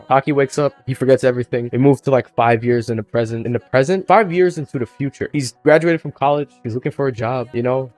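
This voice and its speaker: Young guy recapping a movie, cusses a lot, mid pitch, goofy and animated, faint music under him. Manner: irreverent and joking, swears freely; animated, pitch jumps up when excited. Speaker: student presenter. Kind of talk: casual, profane movie plot recap.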